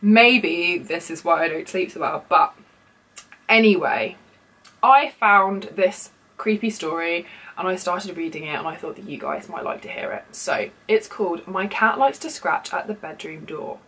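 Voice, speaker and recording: A woman's voice: on the low side, a little slow, a bit bright, low-quality recording. A young woman in her twenties, chatting casually on her vlog and then reading a creepy story aloud, rambling with lots of likes and ums. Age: 20s. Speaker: beauty YouTuber.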